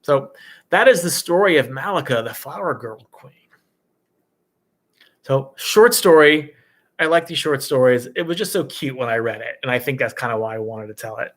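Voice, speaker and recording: A man who teaches meditation, retelling a story in a casual dharma talk with a loose, relaxed manner and many "you know" asides. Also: medium pitch, moderate pace.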